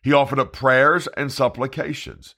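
A man's voice: mid-range voice, flat delivery, normal speed, bright, forceful tone. A man preaching a Bible study sermon, reading scripture aloud with emphasis. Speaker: evangelist preacher.

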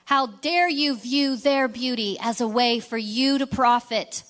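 A woman voicing an old man, a gardener who fiercely protects his flowers, scolding with indignant, repeated demands in a raised, slowed voice. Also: a little high, fairly bright tone, pitched above the performer's own voice. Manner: rising indignant repetition.

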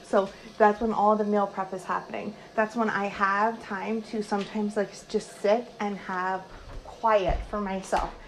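A woman hosting her own podcast, talking casually from her home kitchen, with lots of likes and quick self-corrections. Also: medium pitch, level tone, a little hiss or hum, rough recording. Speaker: podcast host and social worker.

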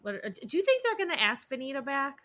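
Woman, podcast co-host, casual gossip, lively swinging pitch, slightly high. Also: fast. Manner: animated, gossipy, swears freely. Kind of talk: casual chat.

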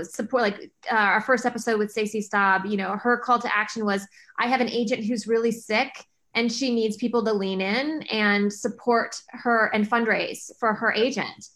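A woman's voice: a little high, steady tone, normal speed, fairly bright tone. Earnest woman guest, fillers and restarts. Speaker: podcast guest. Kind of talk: conversational interview talk.

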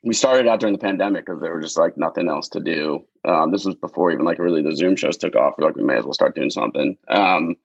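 A comedian guest from Long Island speaks in a laid-back, dry, self-deprecating way. His voice is very deep and gravelly, with a husky edge. The recording is dull and dry, with no room sound. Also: fast, few pauses, no room sound. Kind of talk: casual chat.

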